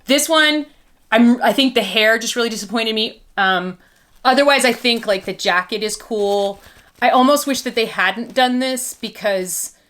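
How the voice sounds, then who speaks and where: A woman's voice: fairly high pitch, unhurried, fairly bright tone. A woman doll collector vlogging casually, chatty and goofy, rambling between reviewing a doll and telling a family story.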